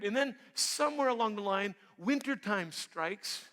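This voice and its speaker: A male pastor preaching a sermon in a church sanctuary, emphatic and swinging between loud and quiet. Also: high voice, lively intonation, measured pace. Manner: emphatic preaching, rising loud on key points then dropping quiet. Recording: reverberant church hall.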